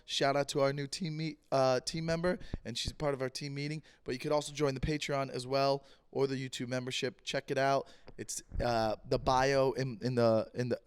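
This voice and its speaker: A man hosting his own podcast in a loose, jokey monologue, repeating himself, his voice a bit rough this week. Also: medium pitch. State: voice a bit rough, clearing throat. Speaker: podcast host. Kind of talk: casual solo podcast monologue.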